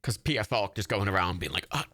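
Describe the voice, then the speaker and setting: A man with a low-pitched, bright, forceful voice talks quickly as he hosts a livestream watch party. His commentary is casual and rambling, with free swearing and frequent laughter.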